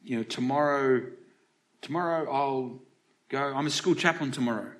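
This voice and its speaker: A middle-aged Australian man preaches to a church congregation at medium pitch and a moderate pace. His sermon is chatty and conversational, and he poses questions to them as he goes.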